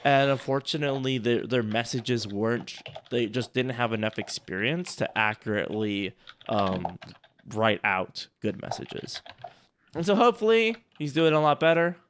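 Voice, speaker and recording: A man co-hosting a casual chat, rambling and restarting his sentences, quick to laugh. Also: medium pitch, lively intonation, fairly bright tone, a little hiss or hum. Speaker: co-host reviewing sales outreach.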